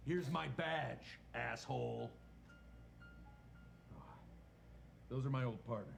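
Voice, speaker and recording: An actor playing a gruff, cocky hard-boiled detective with a blunt, sarcastic drawl, from a comedic mystery film. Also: male voice, medium pitch, slow, soft background music. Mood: sardonic. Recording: noisy film audio.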